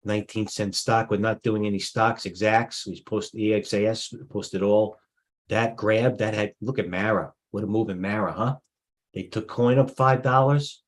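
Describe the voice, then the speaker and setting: A middle-aged man hosts a live trading stream in a low, husky voice. He talks off the cuff, muttering asides and restarting sentences as he goes. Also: steady tone, moderate pace, rough recording. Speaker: stock market live-stream host. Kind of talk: off-the-cuff market commentary.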